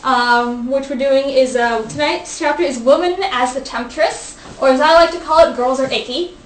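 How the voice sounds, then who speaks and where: Young woman host, high voice, playful reading, echoey room with a bit of hiss. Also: steady tone, moderate pace. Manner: playful, reads aloud from a book with restarts. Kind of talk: casual study group reading.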